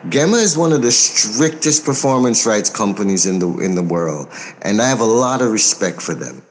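An American man talks through an interview as a record producer. He is measured and unhurried, pausing often with soft fillers, yet stays forthright and outspoken. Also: lowish voice, animated. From United States. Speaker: record producer and label owner. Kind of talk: interview answers.

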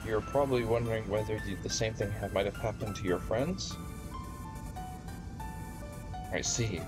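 A composed woman detective, voiced by a man reading a game's lines in a lowered, steady tone. She speaks in a measured, thoughtful way, with game music playing clearly behind. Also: close to an everyday voice. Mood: reassuring. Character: calm, composed adult female detective. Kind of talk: reading game dialogue aloud.

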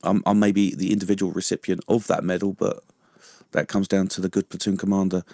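A man's voice: sits low, little pitch movement, a little fast, vocal fry, warm tone, no room sound, studio quality. A man, a veteran guest in a radio interview, who talks chattily, laughs often and keeps asking "you know what I mean?". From London. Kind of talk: casual interview chat. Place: radio studio.

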